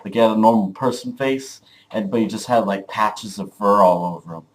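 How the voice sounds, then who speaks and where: Rambling young man with a lowish voice. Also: brisk. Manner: rambling, full of "like", profane. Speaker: vlogger. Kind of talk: casual storytelling to camera.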